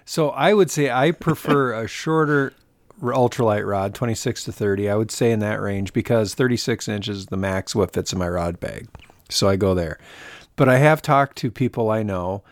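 A man's voice: on the low side, normal speed, no echo. A man co-hosting a fishing podcast in casual chat, rambling and self-mocking, often restarting his sentences. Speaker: podcast co-host.

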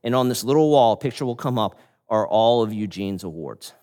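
A man delivers a sermon with an animated, storytelling manner, breaking into laughs and restarting phrases. His pitch swings widely as he talks. The sound rings with long reverb from a large church hall. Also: fairly quick. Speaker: pastor.

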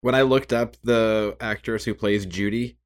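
A man's voice: steady tone, unhurried, clear, resonant tone. Jokey male podcast co-host. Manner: jokey, mimics lines in a high squeal. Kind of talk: casual chat.

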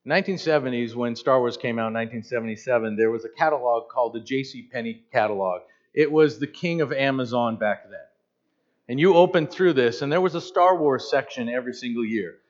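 A pastor in his fifties preaching a sermon in an animated, conversational way with joking asides. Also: mid-range voice, brisk. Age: 50s. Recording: slightly dull lo-fi sound.

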